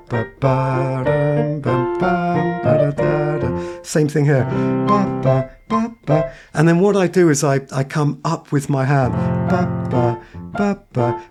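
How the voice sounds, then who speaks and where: Guy teaching piano, keeps singing little da-da bits, slightly high voice, piano going behind. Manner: sings phrases on nonsense syllables while explaining. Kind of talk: piano tutorial. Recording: piano played behind speech.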